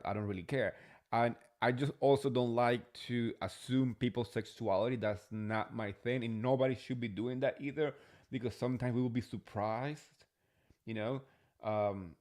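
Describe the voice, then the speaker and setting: A man hosting a casual reality TV recap, chatty and gossipy, swearing freely. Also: mid-range voice. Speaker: host.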